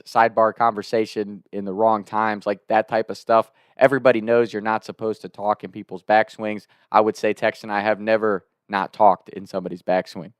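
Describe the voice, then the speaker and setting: A man's voice: fairly low pitch, clean tone, dry recording, clean studio sound. Laughing young man telling a story. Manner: animated, laughing, swears freely. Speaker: storyteller host. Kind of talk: casual comedic storytelling.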